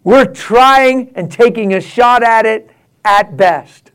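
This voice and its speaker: A man preaching a sermon, rising to passionate, laughing exclamations and dropping to a hushed prayerful tone. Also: very high voice, very slow, pauses often, clean tone. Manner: drops to a hushed prayerful tone near the end.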